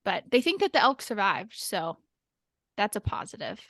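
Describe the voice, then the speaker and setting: A woman's voice: medium pitch, big pitch swings, normal speed, a bit bright, no room sound, studio quality. Chatty young woman on a podcast. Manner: chatty, lots of "like" fillers; laughs nervously while recounting. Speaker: podcast guest telling a story. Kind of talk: casual podcast chat.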